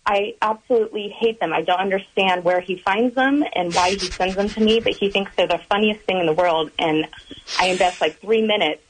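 A woman's voice: medium pitch, a little fast, slight background noise, poor audio. A woman calling in to a radio show, complaining with exasperation. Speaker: caller. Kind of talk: call-in phone chat.

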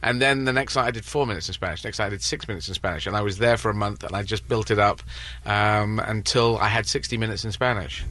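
Talk-show guest: English man, bright and forward tone, dry close mic, loose storytelling delivery. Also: lowish voice, quick pace, dry recording. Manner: rambling, self-correcting storyteller. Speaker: comedian guest. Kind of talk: casual interview chat.

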